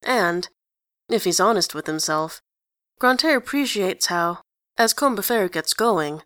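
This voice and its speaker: A woman narrating a story in an even, conversational way. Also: mid-range voice, a little slow, dry recording, clean studio sound. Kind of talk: story reading.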